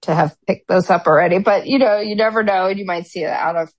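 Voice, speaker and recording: A woman co-hosting a podcast, telling stories in a lively way and laughing often. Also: mid-range voice, fast, no echo. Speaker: podcast co-host. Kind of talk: casual podcast chat.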